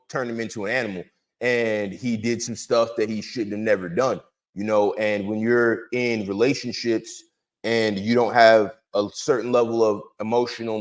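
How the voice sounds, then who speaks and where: Brief: mid-pitched man, relaxed commentary, conversational with fillers. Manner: conversational, lots of "you know" fillers. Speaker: host. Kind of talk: casual commentary.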